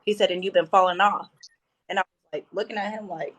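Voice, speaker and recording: A woman's voice: on the low side, fast, husky, poor audio. A woman in her thirties telling spiritual stories in casual podcast chat, acting out quoted dialogue. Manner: animated, acts out quoted dialogue. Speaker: podcast guest.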